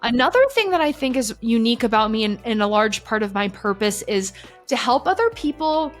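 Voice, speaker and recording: A woman with a fairly high voice talks openly in a casual podcast chat. She swears without hesitation and peppers her sentences with "like". Faint music runs underneath. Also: animated, fairly quick. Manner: candid, swears freely, many filler "like"s. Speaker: podcast guest. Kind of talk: casual conversation.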